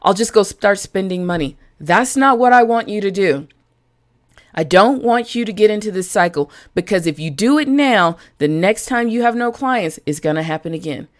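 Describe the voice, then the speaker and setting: A woman's voice: medium pitch, lively intonation, moderate pace. A woman business coach talking directly to live-stream viewers, chatty and frank, greeting people by name as she goes.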